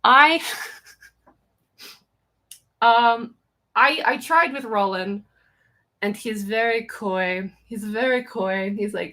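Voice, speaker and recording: A woman hosting a casual live Q&A, rambling and chatty with lots of fillers and restarts, self-mocking and quick to giggle. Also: on the high side, pushed and bright. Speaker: livestream host answering viewer questions.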